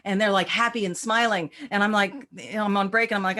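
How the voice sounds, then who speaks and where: A woman practitioner and teacher in a casual interview, telling animated stories and acting out quoted voices with many restarts. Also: medium pitch, fast talker, hardly any pauses.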